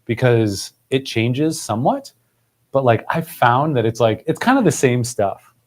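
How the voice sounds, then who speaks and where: A man's voice: medium pitch, lively intonation, measured pace. A man hosting a podcast in casual conversation, rambling and leaning on "like" as filler. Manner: rambling, heavy use of "like".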